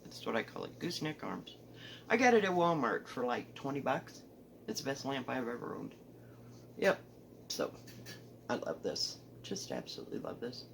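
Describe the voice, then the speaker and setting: Chatty Southern woman, rambling softly. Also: a bass voice, sing-song, normal speed, gravelly, pauses often, slight background noise, poor audio. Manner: chatty, rambling, self-correcting, often trailing off softly. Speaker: cross-stitch vlogger. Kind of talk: casual show-and-tell chat. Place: home, indoors.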